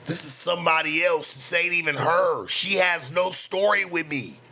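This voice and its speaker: A fairly high-pitched, pushed and bright voice with vocal fry belongs to a late night talk show host in his thirties, speaking at normal speed. His casual rant is defensive and boastful, full of slang and swearing.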